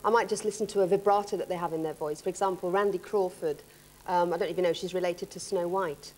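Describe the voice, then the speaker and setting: A woman's voice: on the low side, steady tone, fast talker, darkish tone, soft background music. A woman guest on a talk show, chatty and jokey, laughing often as she talks. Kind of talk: casual chat interview.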